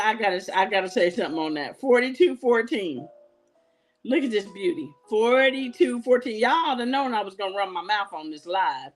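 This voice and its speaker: A middle-aged woman with a fairly high voice hosts a live jewelry sales show, chatting colloquially and telling stories while laughing often. The recording quality is rough.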